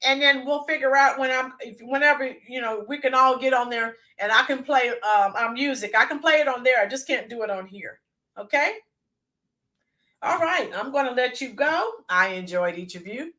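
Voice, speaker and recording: Chatty livestream host, woman, high and bright voice, addresses viewers by name. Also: normal speed. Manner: chatty, reads out viewer names, bursts into sung snippets. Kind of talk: casual livestream chat with viewers.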